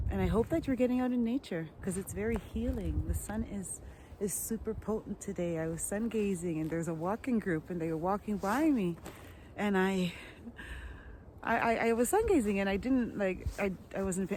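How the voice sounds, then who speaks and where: A woman's voice: fairly low pitch, background noise. A woman, talking in a rambling, chatty vlog monologue outdoors. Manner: warm, chatty, rambling with restarts. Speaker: vlogger.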